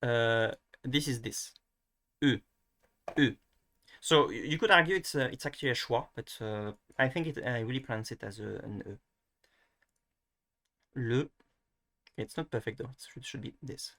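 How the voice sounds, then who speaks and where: A man's voice: mid-range voice, brisk, gravelly, hardly any pauses, sharp tone. A young man, teaching pronunciation in a casual, hesitant way, thinking aloud and often restarting. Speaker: language teacher.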